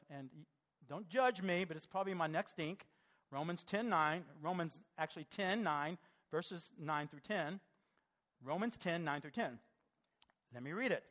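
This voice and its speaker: High-voiced impassioned male preacher. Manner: impassioned, rising and falling in loudness. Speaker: pastor. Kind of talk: sermon.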